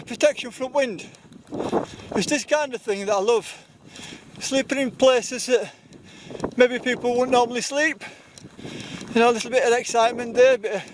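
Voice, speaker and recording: A middle-aged man with a Yorkshire accent, rambling cheerfully through a camping vlog outdoors on a windy hilltop. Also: very high-pitched. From Yorkshire, England. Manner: rambling, chatty, self-deprecating. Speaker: outdoor vlogger.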